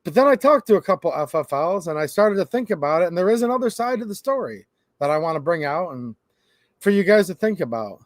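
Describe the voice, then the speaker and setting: A man's voice: sits high, sing-song, quick pace, dry recording. A man hosting a gun rights channel, talking to camera in a rambling, emphatic, conversational way. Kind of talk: casual monologue to camera.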